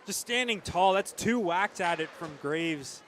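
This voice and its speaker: A man giving hockey color commentary, talking through the plays in a relaxed way. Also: sits high, a little slow, a little hiss or hum.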